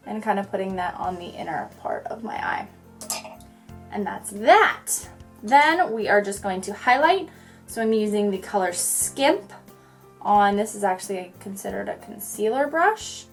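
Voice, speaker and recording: A young woman chatting her way through a makeup tutorial, talking fast in a bubbly, goofy way. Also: medium pitch. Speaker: beauty vlogger.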